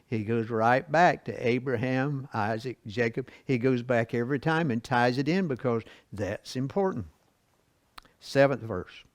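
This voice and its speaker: A man's voice: mid-range voice, a little slow, dry recording. A man teaching a church Bible lesson, reading scripture and explaining it in a folksy, conversational way with rhetorical questions and chuckles. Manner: asks the class rhetorical questions.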